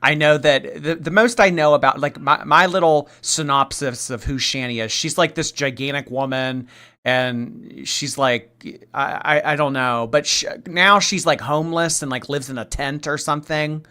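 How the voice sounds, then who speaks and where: A man's voice: on the high side, moderate pace, bright, forceful tone, smooth. A man commenting on a live stream in a sarcastic, mocking way, rambling and restarting his sentences.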